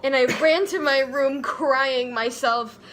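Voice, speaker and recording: A woman's voice: sits high, slow, noisy background. A young woman reading a story aloud for comedy in a giggly, playful way. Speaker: co-host.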